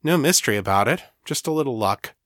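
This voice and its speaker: A man voicing a playful, smooth-talking male psychologist in an audiobook. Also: mid-range voice, expressive, fast talker, a bit bright, dry recording, clean studio sound, pitched above the performer's own voice, natural voice.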